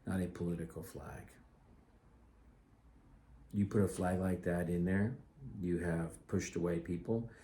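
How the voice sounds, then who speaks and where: Deep-voiced earnest middle-aged man. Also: darkish tone, slight background noise. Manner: earnest, rambling, with restarts and asides. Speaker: podcast host. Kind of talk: casual solo talk.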